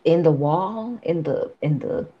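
A woman co-hosting a podcast, her voice sitting a touch lower than most. She recaps film scenes in loose, profane, animated chat. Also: measured pace, husky, muffled recording. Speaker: podcast co-host. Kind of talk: casual movie review chat.

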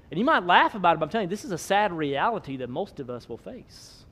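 A man, preaching a sermon, swinging between loud emphasis and soft low asides. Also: expressive, quick pace, hardly any pauses. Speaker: pastor.

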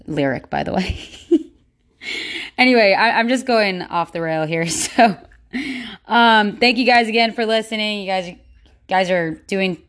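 Rambling, chatty woman podcaster. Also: medium pitch. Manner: rambling, many fillers and restarts, chatty and upbeat. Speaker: podcast host. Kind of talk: casual solo podcast chat.

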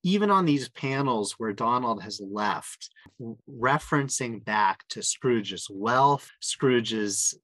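A man talks with lively enthusiasm as he retells a comic story and turns to his co-hosts for their views. His voice sits at an ordinary middle pitch. The sound is close and dry, with no room echo. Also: slow. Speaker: podcast host. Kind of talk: casual chat.

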